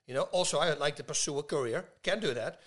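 A man in his fifties, a guest telling stories in casual talk, lively and laughing, acting out the people he quotes. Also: a little high, quick pace. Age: 50s. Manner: animated, laughs a lot, acts out dialogue. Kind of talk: casual storytelling.

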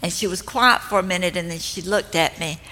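An older woman giving a slow, gentle and earnest devotional teaching talk. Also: fairly low pitch, a little hiss or hum. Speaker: speaker at a women's ministry event. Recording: long hall reverb.

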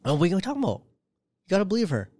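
A man's voice: high voice, wildly swooping pitch, racing, noisy background. A man co-hosting a podcast, rambling in crude casual banter with many restarts. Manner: rambling, profane, lots of restarts. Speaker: podcast co-host.

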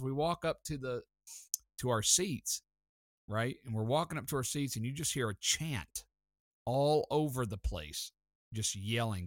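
A man hosting a sports talk show, telling stories in an excited, chatty way. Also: medium pitch, normal speed, no room sound, studio quality. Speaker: sports podcast host. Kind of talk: casual sports talk storytelling.

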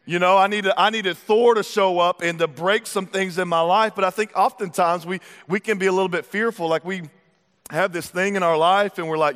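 High-voiced man preaching in a reverberant hall. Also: normal speed. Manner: lively, conversational preaching with repetitions and acted asides. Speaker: pastor. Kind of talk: sermon.

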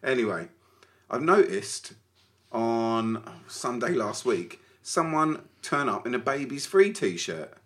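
A man chats on a podcast with an animated, stumbling delivery full of restarts. His voice swoops widely in pitch. It has a bright, forceful edge. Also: takes it slowly. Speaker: podcast co-host. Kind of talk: casual chat.

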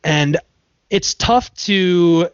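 A man's voice: high voice, extremely slow, clean tone, dry recording. A man who works as a sports play-by-play commentator, chatting in an interview and explaining his craft with worked examples and restarts. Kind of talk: casual interview talk. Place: Michigan area. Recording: dry, dull lo-fi sound.

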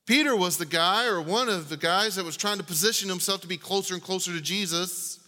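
A man preaching a sermon in a large church, emphatic, asking rhetorical questions and swinging from loud to hushed. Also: high voice, a little fast. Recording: long reverb of a large hall.

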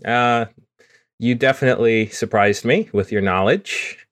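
A man's voice: mid-range voice, unhurried, fairly bright tone, dry recording, clean studio sound. A man hosting a podcast in a casual, joking, self-deprecating way. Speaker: podcast host. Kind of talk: casual chat.

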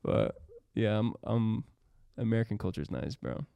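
A man's voice: lowish voice, very animated, normal speed, vocal fry, dark tone, clean tone, no room sound. A young man in casual podcast chat, laid-back and saying "bro" a lot.

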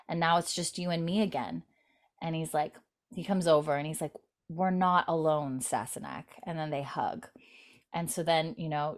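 Woman w a lowish voice chatting thru an episode recap, doing little character voices, giggles a lot. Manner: retells scenes, quoting characters in lightly put-on voices; giggles often. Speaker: recap host. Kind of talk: casual episode recap chat.

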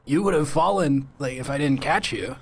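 A man's voice: fairly high pitch, normal speed, creaky, a little hiss or hum. A man voicing a flustered, apologetic young man in a tabletop game, stammering and hesitant.

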